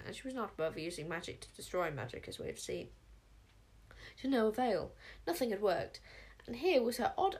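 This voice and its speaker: A woman reading a children's fantasy story aloud, lively and expressive. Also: slightly rough. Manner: lively, voices the characters with big pitch jumps. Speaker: audiobook narrator.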